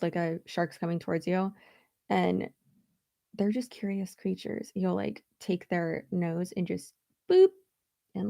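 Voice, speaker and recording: A woman's voice: fairly low pitch, creaky, a little mellow, no echo, studio quality. A woman chatting casually on a livestream while getting ready, blunt and sarcastic, swearing freely as she talks. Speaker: beauty YouTuber. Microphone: streaming setup at home.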